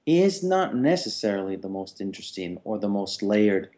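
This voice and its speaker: A man's voice: on the low side, big pitch swings, normal speed, darkish tone. A man co-hosting a podcast, talking through his view on a film character thoughtfully, with frequent hesitations. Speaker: podcast co-host. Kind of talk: casual film discussion.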